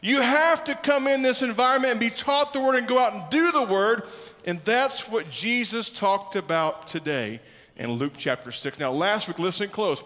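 A man's voice: sits high, a bit bright. A man preaching a sermon as pastor, emphatic, repeating key words and asking the congregation questions. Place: church sanctuary. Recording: church hall reverb.

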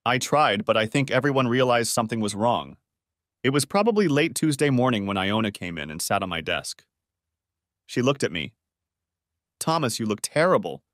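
A man reading a first-person story aloud in a steady, even narration. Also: medium pitch, fairly quick, no echo, studio quality.

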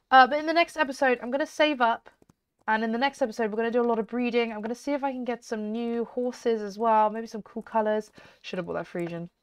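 A woman giving chatty, excitable let's-play commentary as a gaming YouTuber, often giggling. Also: a little high, no echo.

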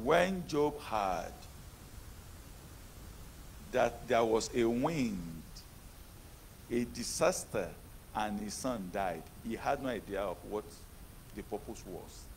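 A man preaching a sermon who moves between hushed talk and shouted, repetitive prayer declarations. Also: fairly low pitch, lively intonation, slow, long pauses, a little hiss or hum.

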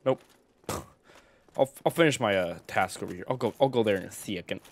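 A man's voice: on the low side, fairly quick. A man giving casual let's-play commentary, rambling and swearing as he talks to himself. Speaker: gameplay streamer.

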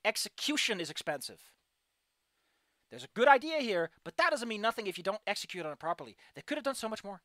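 A woman streamer giving a casual, frustrated, ranting critique of a game, with animated outbursts. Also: mid-range voice, fast talker, no room sound, studio quality. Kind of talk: casual livestream commentary.

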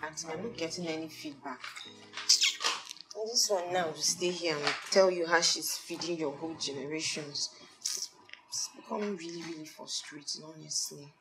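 A woman's voice: low-pitched, steady tone, normal speed, over music, poor audio. An actress playing a frustrated young woman worn out by job hunting, with a Nigerian accent. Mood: weary. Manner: weary, complaining.

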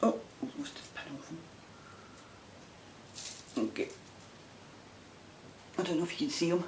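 A woman's voice: lowish voice, very animated, a little slow, darkish tone. Chatty Scottish woman in a roomy space. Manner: chatty and rambling, with frequent laughs. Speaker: knitting vlogger. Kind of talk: casual chat showing items to camera. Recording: roomy sound from a distant mic with faint background noise.

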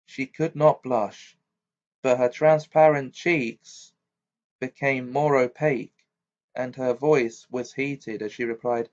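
A man's voice: medium pitch, steady tone, takes it slowly, a little mellow. A man narrating an amateur audiobook, reading steadily with occasional stumbles. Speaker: audiobook reader. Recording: dull lo-fi recording.

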